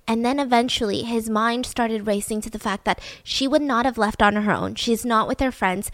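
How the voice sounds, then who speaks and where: A woman's voice: a little high, fairly even intonation, normal speed, few pauses, no echo. Chatty young woman telling a true-crime story. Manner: chatty, leans on fillers like "like" and "I mean". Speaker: podcast co-host.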